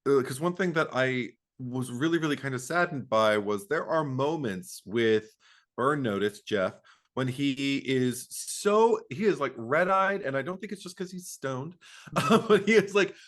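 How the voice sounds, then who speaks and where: A man co-hosts a casual movie podcast, speaking at a middling pitch. He is animated and stumbles over his words, often acting out reactions and laughing mid-sentence. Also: measured pace. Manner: animated, acts out quotes, stammers, laughs while talking. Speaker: podcast co-host. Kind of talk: casual film discussion.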